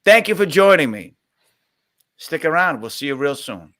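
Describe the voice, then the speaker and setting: A man's voice: on the high side, very animated, normal speed, a bit bright. A middle-aged man from Boston hosting a casual live Q&A stream on a webcam, reading out viewer questions and rambling into stories. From Boston, USA.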